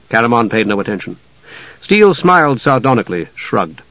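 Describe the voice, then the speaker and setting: A man's voice: fairly low pitch, lively intonation, moderate pace, fairly bright tone, no room sound. Male audiobook narrator, dry sound. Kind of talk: scripted narration. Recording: dry, slightly dull audiobook recording.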